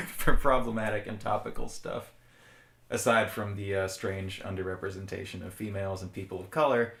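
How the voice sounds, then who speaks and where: A man's voice: fairly low pitch, fairly bright tone, roomy sound. A man co-hosting a podcast, reviewing a movie in casual chat with a wry, sarcastic manner and frequent laughs. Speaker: podcast co-host.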